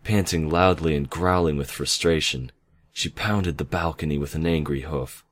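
A man's voice: rumbling low, normal speed. A man reading a fan story aloud, with casual asides and self-corrections. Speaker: reader.

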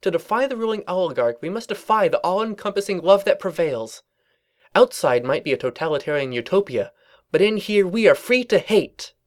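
A man voicing an earnest, excitable young female unicorn pony in a storybook reading, with a high, squeaky, breathy voice and gushing outbursts. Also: brisk. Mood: fervent.

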